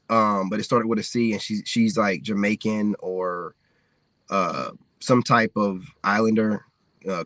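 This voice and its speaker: A man's voice: mid-range voice, fairly bright tone, no room sound, studio quality. An American man ranting candidly on a livestream, rambling and peppering his talk with "man" and "you know what I'm saying.". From United States. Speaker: livestreaming content creator. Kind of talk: casual livestream rant.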